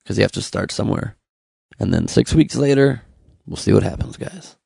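Gravelly sarcastic man in a comic monologue. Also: on the low side, expressive, moderate pace, dark tone, no room sound, studio quality. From Los Angeles. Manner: sarcastic, jumps into mock voices. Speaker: comedy podcast host.

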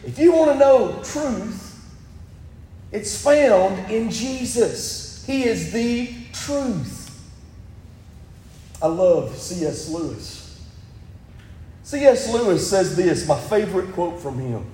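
A male pastor preaching with a strikingly high voice. His sermon rings through an echoey church hall with a long reverb tail, and he builds to loud emphatic peaks as he quotes scripture. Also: lively intonation, slow, pauses often. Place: church sanctuary.

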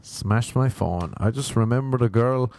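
In a rambling solo podcast monologue, the young Irish host tells meandering stories that poke fun at himself. He speaks unhurriedly at medium pitch, with a darkish tone.

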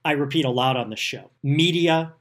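A man's voice: a little high, moderate pace, fairly bright tone. A man hosting a podcast, talking in a casual, sarcastic and self-deprecating way about politics. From United States. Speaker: podcast host.

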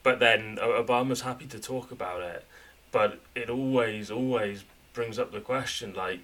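A man from the United Kingdom co-hosting a podcast, talking things through in a thoughtful, halting way. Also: mid-range voice, fairly bright tone. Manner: thoughtful, halting, many restarts. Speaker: podcast co-host. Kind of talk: casual podcast chat.

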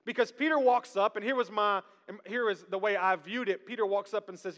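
A high, bright male voice with a drawl, preaching to his congregation. He keeps things lively and pulls the room into call-and-response. His voice rings out with a long reverb that fills the large church hall. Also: a little fast, few pauses. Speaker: pastor. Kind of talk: sermon. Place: church sanctuary.

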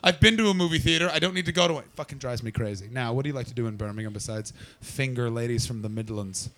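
Brief: male stand-up doing crowd work, gravelly edge, swearing, needling the audience. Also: medium pitch, fast, fairly bright tone, a little hiss or hum. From Canada. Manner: brash, profane, teasing. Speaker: stand-up comedian.

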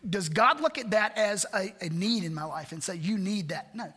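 A man preaches a sermon in a high, bright voice, earnest and full of rhetorical questions. The sound rings with the long reverb of a church sanctuary. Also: animated, normal speed, slightly rough. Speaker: pastor.

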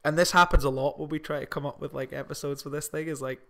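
A man co-hosting a podcast in casual, sweary, animated chat. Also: on the high side, quick pace. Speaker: podcast co-host.

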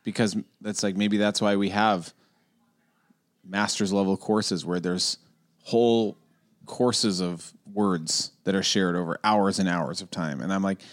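A man co-hosting a podcast in casual conversation, animated and quick to laugh at himself. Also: sits low. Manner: animated, laughs often, jokey. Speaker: podcast co-host.

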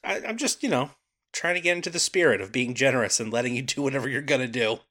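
A man chats on a comedy podcast with a wry, joking manner and an easy laugh. His voice is bright, and his pitch rises and falls a lot. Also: expressive, fast talker. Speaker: podcast co-host. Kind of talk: casual comedic chat.

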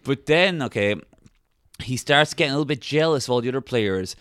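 Smooth-voiced man telling a story. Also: mid-range voice, fairly quick, dry recording, clean studio sound. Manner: animated storytelling, drops into put-on voices. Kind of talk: casual comedic film recap.

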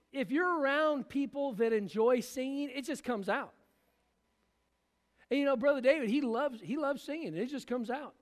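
High-voiced man preaching in a reverberant hall. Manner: preaching with acted-out voices of biblical figures. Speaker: pastor. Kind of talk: sermon.

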